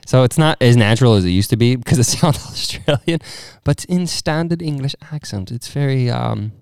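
A man's voice: mid-range voice, expressive, normal speed, creaky, a little mellow, clean tone, dry recording, clean studio sound. A young man from Arizona in a casual chat, laughing often and slipping into playful accent impressions. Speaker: guest chatting about accents.

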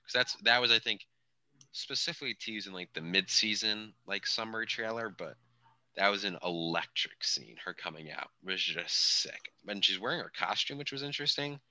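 A man with a very low voice and a bright, forceful edge talks through a show recap in a casual, excited way. He corrects himself often, and the sound is dry and close with no room echo. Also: moderate pace. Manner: chatty, self-correcting, enthusiastic. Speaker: podcast co-host.

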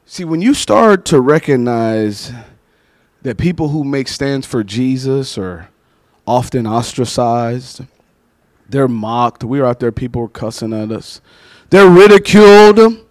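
A man with a medium-pitched voice, speaking a little slowly, preaches a sermon full of stories and animatedly acts out the voices of the people in them. The recording is dry.

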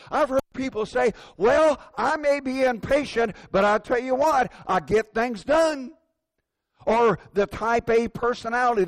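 A man's voice: sits high, no echo. An older man preaching a sermon, telling folksy, self-deprecating stories from everyday life.

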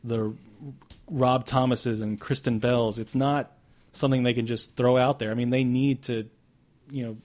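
A man's voice: mid-range voice, fairly even intonation, normal speed, a little mellow. A man hosting a casual movie review podcast, loose and joking, laughing often. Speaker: podcast host. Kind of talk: casual chat.

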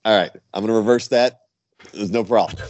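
A man's voice: lowish voice, a little fast, highs cut off. A man, a wrestler guest, telling stories in casual chat, acting out quotes and laughing often. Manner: animated storyteller, acts out quotes, laughs often.

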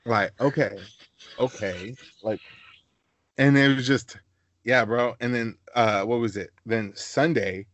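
A young man hosting a casual podcast chat, telling animated stories and slipping into high-pitched voices for the people he quotes. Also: slow pace. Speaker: podcast host.

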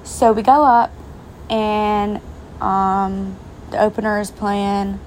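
Talking straight to her viewers, a young vlogger spins a story in a chatty, foul-mouthed way. She speaks slowly in a medium-pitched, slightly mellow voice with little pitch movement, against faint rain and slight background noise.

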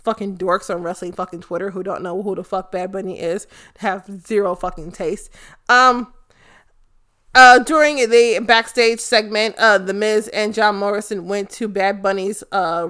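A woman giving a casual, excited and profane recap of a wrestling event, rambling with lots of fillers. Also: mid-range voice, moderate pace. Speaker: fan commentator.

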